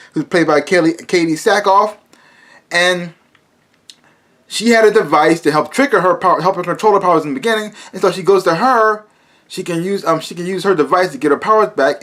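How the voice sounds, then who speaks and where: A man's voice: high-pitched, fairly bright tone. A man casually reviewing a TV episode, rambling with many restarts and fillers and breaking into exasperated asides.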